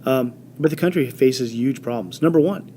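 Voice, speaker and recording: A man teaching a history lesson in an animated storytelling way, with many fillers and quick voiced quotes. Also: medium pitch, a little hiss or hum. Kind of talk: classroom history lecture.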